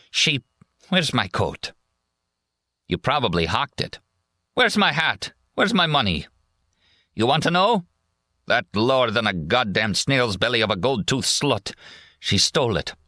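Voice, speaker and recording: A man narrating an audiobook voices a drunken, indignant young soldier who shouts and rants. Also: medium pitch, big pitch swings, unhurried, pauses often, no echo, studio quality, voice pushed up, exaggerated voice. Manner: shouting, slurred, raucous.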